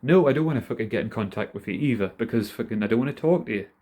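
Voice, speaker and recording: A man's voice: medium pitch, animated, rapid-fire, darkish tone. A man in his thirties with a Geordie accent, rambling casually and self-deprecatingly to camera, swearing a lot. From North East England. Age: 30s. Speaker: vlogger.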